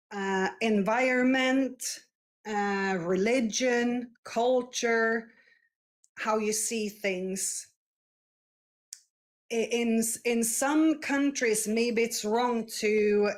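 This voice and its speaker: Young woman, slow and hesitant, casual street chat. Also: a little high. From Scandinavia. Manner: hesitant, searching for words, many fillers. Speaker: street interviewee. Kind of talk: casual conversation.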